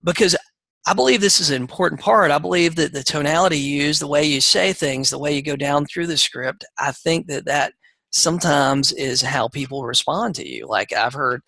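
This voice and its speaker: A man's voice: on the high side, moderate pace, creaky, bright, forceful tone, no echo, low-quality recording. A man with a Southern accent coaching real estate agents on a group call, rambling and conversational with lots of fillers.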